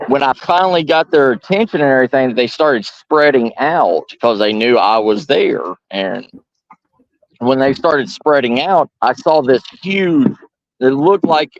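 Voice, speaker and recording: A young adult man from Georgia, telling a long story at a firepit in a halting, rambling way with many restarts. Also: mid-range voice, dull audio. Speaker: storyteller host. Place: outdoors by a firepit.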